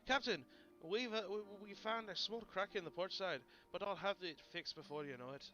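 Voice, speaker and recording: Brief: a man playing a jittery young deckhand, bright, stammering, pirate-tinged, lo-fi game stream. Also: high-pitched, moderate pace. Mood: flustered. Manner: stammering, put-on pirate accent. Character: nervous young male apprentice sailor. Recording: dull lo-fi stream audio, faint game music.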